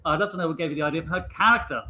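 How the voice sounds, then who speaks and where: A man's voice: on the high side, racing, pushed and bright. A man co-hosting a livestream, reading out fan questions in a playful, joking way. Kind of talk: casual livestream chat.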